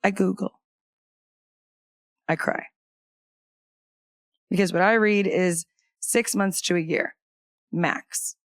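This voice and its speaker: Woman podcast guest, mid pitch, dry close recording; candid storytelling, wry humor under grief. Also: steady tone, slow pace, pauses often, no room sound. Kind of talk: personal storytelling in conversation.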